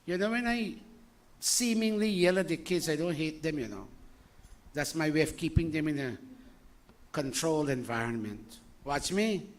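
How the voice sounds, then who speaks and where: Animated older man preaching. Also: a little high, normal speed. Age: 60s. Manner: animated, scolding, jokey asides, rhetorical questions. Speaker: spiritual teacher. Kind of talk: informal sermon to a congregation.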